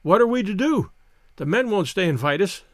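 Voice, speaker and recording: A man's voice: high voice, animated, moderate pace, no echo, studio quality. A man playing a gallant young naval officer. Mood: teasing. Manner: playful, courtly.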